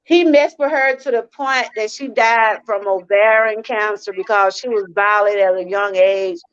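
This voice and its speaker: A woman's voice: medium pitch, steady tone, a little slow, clear, resonant tone, dull audio. A woman from Georgia, hosting a live-stream testimony talk, earnest and repeating herself as she speaks straight to her viewers. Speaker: channel host.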